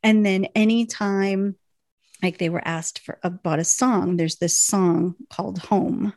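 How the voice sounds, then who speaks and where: Gravelly-voiced woman recapping with laughs. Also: mid-range voice, measured pace, no room sound. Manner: animated storytelling, laughs often, many fillers. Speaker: podcast co-host recapping a TV episode. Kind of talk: casual chat.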